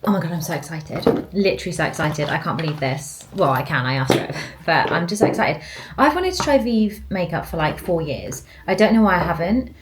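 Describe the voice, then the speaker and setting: A young woman talks in a relaxed, rambling way, her voice sitting a little low for a woman. She chats casually to a handheld camera at home and keeps reaching for "like" as she goes. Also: brisk, noisy background. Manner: chatty and rambling, fills with "like". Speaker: vlogger. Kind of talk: casual vlog chat to camera.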